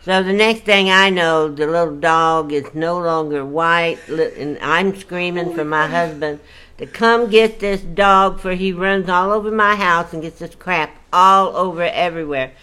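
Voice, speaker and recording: A woman's voice: on the low side, fairly even intonation, moderate pace, hardly any pauses, bright, forceful tone, smooth. An older woman telling stories from her life in a chatty, folksy, exclamatory way. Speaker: storyteller guest. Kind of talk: casual storytelling.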